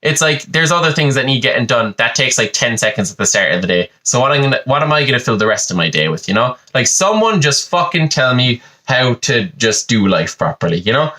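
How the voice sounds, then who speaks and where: A man's voice: medium pitch, big pitch swings, a little fast, hardly any pauses, pushed and bright. Sweary rambling man. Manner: sweary, self-mocking, rambling. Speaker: podcast host. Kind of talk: rambling comic monologue.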